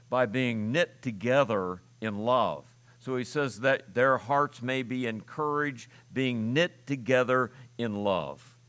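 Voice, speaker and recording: A man's voice: medium pitch, fairly bright tone. Man preaching in a conversational sermon. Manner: conversational teaching with frequent fillers and restarts. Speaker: pastor.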